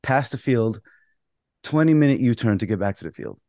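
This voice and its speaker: A man's voice: mid-range voice, a little fast, no echo. A man co-hosts a casual podcast and tells his umpiring stories with energy, acting out both sides of each argument. He swears now and then without thinking about it. The sound is dry and close, with no room around him. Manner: animated storytelling, acts out both sides of quarrels.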